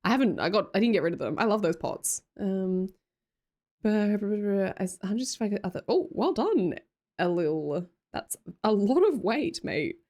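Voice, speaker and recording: A woman's voice: mid-range voice, lively intonation, unhurried, darkish tone. Bubbly Australian woman streamer. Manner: bubbly, greets chatters, frequent laughs. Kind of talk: casual live-stream chat, reading chat aloud.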